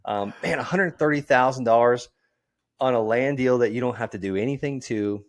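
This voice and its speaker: Host: man, mid-range voice, energetic and joking, pushes listeners to act. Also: mid-range voice, normal speed. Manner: energetic, joking, salesy calls to action. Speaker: podcast host. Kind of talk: casual interview and sign-off pitch. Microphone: portable setup.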